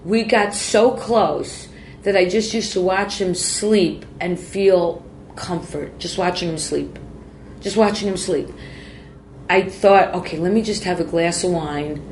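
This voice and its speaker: A woman in her forties with a lowish voice tells her story bluntly, swearing freely and breaking off mid-sentence. The room is roomy and echoey, with a faint hum of ambience behind her. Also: a little slow, a little mellow. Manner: raw, profane, self-interrupting. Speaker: guest. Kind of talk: candid personal storytelling.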